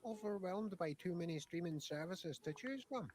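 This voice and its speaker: A man's voice: animated, normal speed, a little mellow, faint music behind. Irish man narrating an upbeat ad. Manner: upbeat pitch, rhetorical questions. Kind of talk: promotional voice-over.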